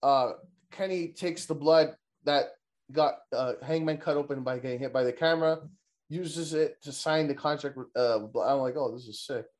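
A man's voice: fairly high pitch, moderate pace, a little mellow. A young man co-hosting a casual wrestling recap chat, rambling and swearing, laughing often and mimicking wrestlers. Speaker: podcast co-host.

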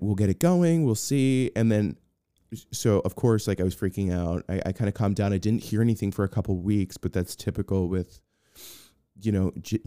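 Guesting in a relaxed interview, a film personal assistant spins a lengthy, meandering tale full of false starts, voicing the people he quotes. His low voice is warm, clear, and resonant. The sound is dry and studio quality.

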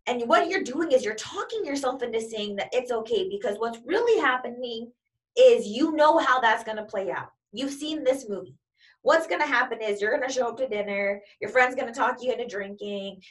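Brief: woman motivational coach, fairly high voice, emphatic and repetitive, mic set a little back. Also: fairly bright tone, recorded from a distance. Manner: emphatic and repetitive, piling up examples. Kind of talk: motivational talk.

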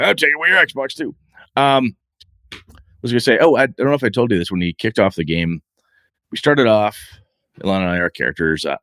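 A middle-aged man with a deep voice co-hosts a podcast, telling stories in casual chat. He's an animated storyteller who acts out what others said, and the recording is dry.

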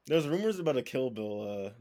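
A man's voice: mid-range voice, big pitch swings, normal speed, warm tone. A man co-hosting a film podcast who speaks hesitantly, with many fillers and trailing phrases. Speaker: podcast co-host. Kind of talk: casual film podcast chat.

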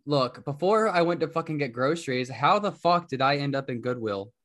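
A man's voice: a little high, lively intonation, brisk, fairly bright tone. A young man co-hosting a casual podcast, laid-back, swearing freely and laughing often. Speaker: podcast co-host. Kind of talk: casual chat.

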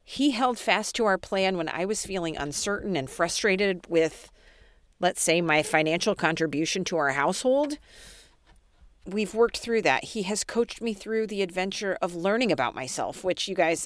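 A woman's voice: fairly low pitch, expressive, moderate pace. A woman hosting a podcast, telling her own story in a candid, self-deprecating way and talking straight to her listeners. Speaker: podcast host.

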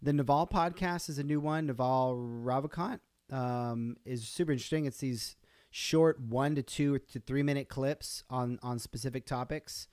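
A man's voice: medium pitch, normal speed, darkish tone, no room sound, clean studio sound. A man hosting his own podcast on a live stream, talking casually and rambling with fillers and restarts. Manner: rambling, chatty, self-interrupting with fillers. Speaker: podcast host.

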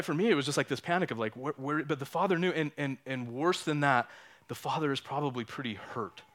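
A man's voice: mid-range voice, fairly bright tone. A man in his thirties or forties preaching a sermon in a conversational way, often repeating words and asking "right?". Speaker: pastor. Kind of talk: sermon with personal story.

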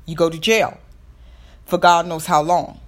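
A woman's voice: fairly low pitch, fairly even intonation, measured pace. Chatty Southern woman podcasting. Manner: chatty, rambling, frequent fillers and restarts. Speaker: podcast host. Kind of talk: casual solo podcast talk.

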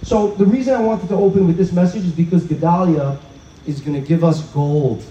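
A man giving an inspirational talk at an outdoor evening gathering, telling stories in an animated way and acting out the dialogue. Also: on the high side, a little fast. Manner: animated storyteller who acts out quoted dialogue. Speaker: speaker at a religious event. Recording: roomy, dull sound from a distance.

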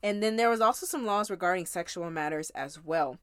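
In a casual recap of the week's Bible reading, a woman teaches while addressing her listeners head-on, with a conversational, emphatic delivery. She has a lowish voice, talks a little fast, and the studio sound is clean with no echo.

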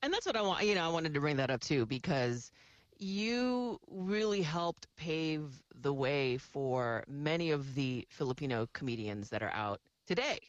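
A woman's voice: deep voice, expressive, a little slow, dry recording, muffled recording. A woman radio DJ chatting casually in an interview, laughing often and mimicking voices as she tells stories. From San Francisco Bay Area.

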